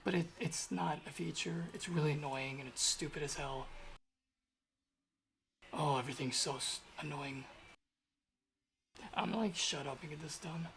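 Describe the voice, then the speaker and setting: A man's voice: a little high, normal speed, gravelly, pauses often, a bit bright, slight background noise. A young man talking to himself as he codes on a stream, rambling and grumbling in a casual way. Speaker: programmer streaming his coding. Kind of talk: casual thinking aloud while coding.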